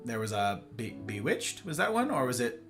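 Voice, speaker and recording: A man's voice: mid-range voice, very animated, moderate pace, fairly bright tone. A man hosting a casual livestream, rambling animatedly to his viewers and acting out little snippets of conversation. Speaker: livestream host. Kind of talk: casual chat with live viewers. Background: faint guitar music.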